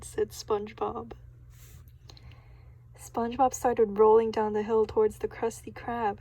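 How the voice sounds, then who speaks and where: A woman reading a children's storybook aloud, often giggling and pausing to react in surprise. Her voice is slightly high and mellow, and she reads at a slow, easy pace. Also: little pitch movement, rough recording. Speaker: storybook reader.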